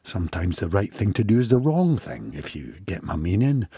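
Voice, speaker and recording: A man reads a first-person passage in a deep, rough, very husky voice whose pitch climbs and falls a lot. He takes his time and sounds intense and sweary, sometimes sinking to a whisper, with a dry, close recording. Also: huge pitch swings, normal speed, mellow, no room sound. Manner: intense, sweary inner monologue, at times dropping to a whisper. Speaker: audiobook reader. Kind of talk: first-person audiobook narration.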